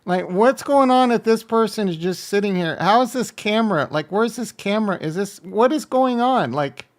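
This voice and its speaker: A man's voice: high-pitched, lively intonation, normal speed. A man reacting to online videos, talking bluntly and joking crudely over the clips.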